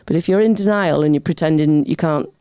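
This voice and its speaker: A middle-aged woman telling a personal story as a talk show guest, lively and chatty. She keeps slipping into other people's voices and drifting off on tangents. Her tone is warm and mellow, and the sound is dry and close. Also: low-pitched, fairly quick, smooth, no room sound. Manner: lively, acts out quoted voices, goes off on tangents. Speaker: podcast guest.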